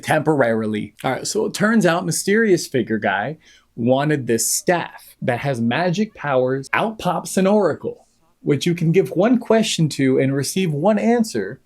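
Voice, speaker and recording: A young man giving a sarcastic, jokey recap of an animated movie as a reviewer, now and then mimicking the characters. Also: fairly high pitch, normal speed.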